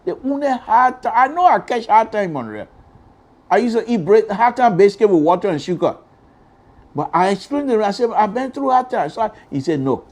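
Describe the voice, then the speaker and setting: A man's voice: high-pitched, animated, a little fast, a little mellow. A man with a Liberian English accent hosting a radio call-in show, talking emphatically and often repeating himself. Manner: emphatic, repetitive, exclamatory. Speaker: radio talk show host. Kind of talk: political call-in radio commentary.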